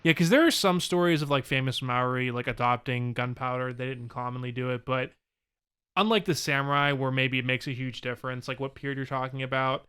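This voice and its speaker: A young man chats on a casual podcast, quick to laugh. His voice is bright and sharp, and very clear. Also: mid-range voice. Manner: chatty, laughs easily. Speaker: podcast co-host.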